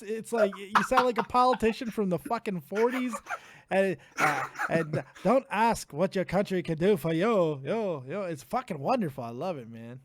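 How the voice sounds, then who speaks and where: A man's voice: sits high, expressive, normal speed, heavy background noise. A man hosting a live call-in stream, chatting casually, laughing often and swearing freely. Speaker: livestream host taking calls.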